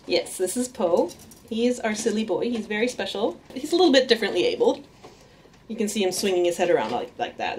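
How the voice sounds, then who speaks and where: A woman's voice: mid-range voice, a little mellow, a little hiss or hum. A woman in a casual home vlog, chatting about her pet rats with frequent laughs and cooing baby talk to them. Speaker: artist and vlogger introducing her pet rats.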